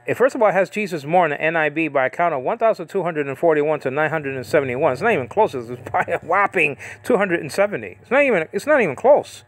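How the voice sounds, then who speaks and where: Teaching the Bible in a loose, wandering monologue, a man keeps correcting himself and sounds out Greek words slowly. His voice is fairly high with lively intonation.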